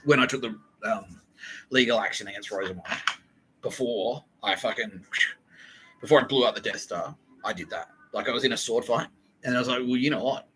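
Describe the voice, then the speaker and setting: A man's voice: mid-range voice, brisk, bright, forceful tone, a little hiss or hum, rough recording. A man hosting a podcast in a profane, rambling monologue, laughing and acting out quotes. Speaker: podcast host.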